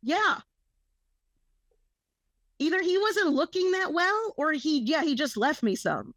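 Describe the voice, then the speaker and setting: Brief: young woman, slightly high voice, casual podcast storyteller who swears a lot, dry close mic. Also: sing-song, slow, a bit bright, no echo. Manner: rambling, swears freely, quotes people in her story. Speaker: podcast co-host.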